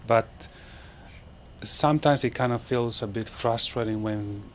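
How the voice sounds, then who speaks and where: A man in a studio audience describing his small company and asking the panel how to make things move faster, hesitating often with fillers. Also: medium pitch, slight background noise. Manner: rambling with many fillers, self-promoting. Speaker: audience member asking a question. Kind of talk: asking a question at a studio event.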